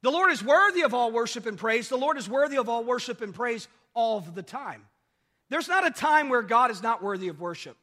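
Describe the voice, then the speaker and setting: A man's voice: very high voice, lively intonation, a little fast, bright, forceful tone. A man preaching a sermon, repeating key phrases and checking in with the congregation. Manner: repetitive call-and-response preaching, asks "are you with me". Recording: long hall reverb.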